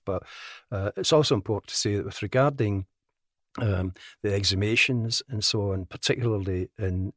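An older man with a Glaswegian accent, speaking as a guest in a podcast interview in a measured, matter-of-fact way. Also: deep voice, fairly bright tone, no echo, studio quality. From Scotland.

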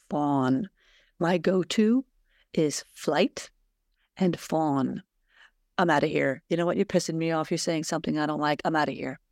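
A woman's voice: fairly low pitch, darkish tone, dry recording, studio quality. A woman hosting a reflective solo podcast, reading aloud and musing earnestly, posing questions to her listeners. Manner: earnest, conversational, poses rhetorical questions to listeners. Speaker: podcast host.

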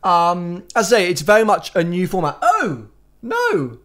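A man hosting a casual car podcast, chatty and upbeat with quick asides. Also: sits high, fairly bright tone. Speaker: podcast host.

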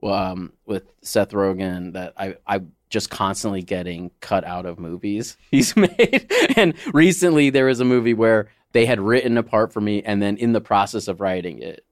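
Low-key, self-deprecating male guest. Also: moderate pace, hardly any pauses, no room sound, clean studio sound. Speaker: podcast guest, comedy writer and actor. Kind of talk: casual chat.

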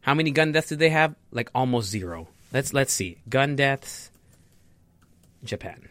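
A man's voice: mid-range voice, lively intonation, a little slow, a bit bright, no echo. A young man giving a heated, profane opinion rant to his viewers, often stumbling and repeating words. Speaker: vlogger. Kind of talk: casual opinion rant to camera.

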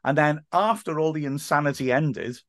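A man's voice: fairly high pitch, normal speed, fairly bright tone, no room sound, clean studio sound. A man, a football commentator chatting as a podcast guest and telling stories with many restarts. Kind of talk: casual podcast chat.

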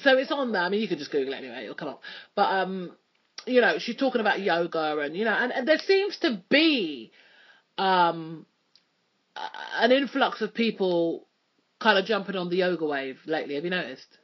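A chatty woman hosts a casual radio segment, joking along and filling gaps with ums and you-knows. Her voice is husky and breathy. The recording sounds dull and lo-fi. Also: fairly low pitch, sing-song, moderate pace. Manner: chatty, joking, many fillers. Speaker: radio presenter.

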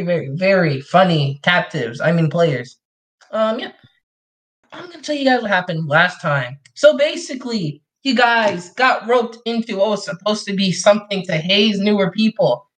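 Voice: mid-range voice, fairly bright tone, poor audio. A game master narrating a tabletop role-playing session in a loose, joking, chatty way.

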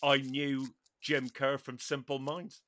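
A man's voice: mid-range voice, little pitch movement, slow, bright, forceful tone. A man with a Northern Irish accent hosting a podcast, chatting casually with dry, joking asides. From Northern Ireland. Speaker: podcast host. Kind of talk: casual comedic chat.

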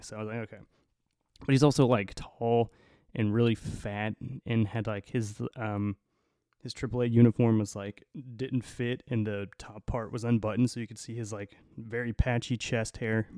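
Low, mellow-voiced man telling a story. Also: no echo, clean studio sound. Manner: rambling, profane, laughing asides. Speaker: podcast host. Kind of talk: casual storytelling.

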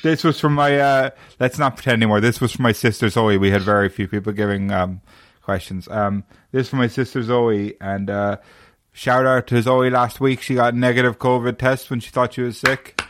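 A man's voice: mid-range voice, steady tone, fairly quick, fairly bright tone, dry recording, clean studio sound. A man hosting a casual podcast, joking around and speaking to the listeners. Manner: jokey, addresses listeners. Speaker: podcast host. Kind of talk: casual chat.

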